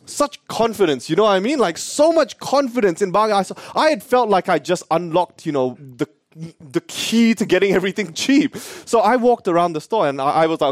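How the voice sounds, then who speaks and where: A young Australian man preaching an animated, story-driven sermon, his voice high for a man. His pitch swings widely as he tells the story. The sound is close and dry. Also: a little fast, dry recording. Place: church.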